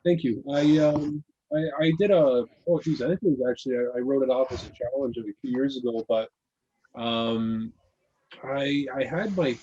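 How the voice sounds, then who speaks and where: A man's voice: medium pitch, normal speed, warm tone, dull audio, slight background noise. A man telling a long story in casual talk, rambling with many restarts and fillers. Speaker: podcast guest reading his own article.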